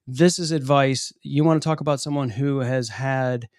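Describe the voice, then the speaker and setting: Upbeat guy co-hosting, lots of uhs, smooth clear voice. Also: medium pitch, steady tone, moderate pace, a little mellow, dry recording, studio quality. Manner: upbeat, filler-heavy, reading viewer questions. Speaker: co-host and moderator. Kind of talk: live Q&A talk show.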